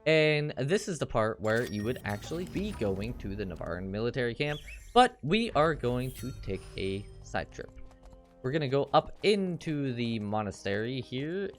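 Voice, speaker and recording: A man's voice: big pitch swings, normal speed, soft background music. A man casually commenting on his gameplay as he plays, rambling and offhand. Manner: rambling and offhand, puts on silly high voices for characters. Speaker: game walkthrough host.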